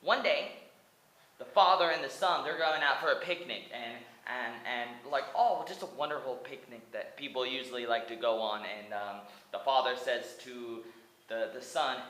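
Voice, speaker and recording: An American speaker in their twenties rambles through a comic retelling of a cartoon movie, stammering into restarts, saying "like" constantly, and breaking into song. The voice is medium-pitched and sharp with lively intonation at a moderate pace, in a rough, reverberant recording.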